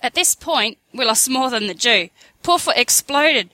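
A man's voice: very high-pitched, lively intonation, a little slow, sharp tone, no echo, voice pushed up, exaggerated voice. A man putting on a chirpy, sped-up narrator voice for a mock-epic podcast insert.

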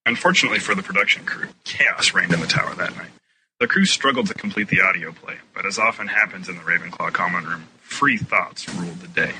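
A man's voice: deep voice, a little fast, pushed and bright, a little hiss or hum, rough recording. A man reading a fan-made birthday story aloud, playfully switching into voices for each character. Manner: playful narration with many put-on character voices.

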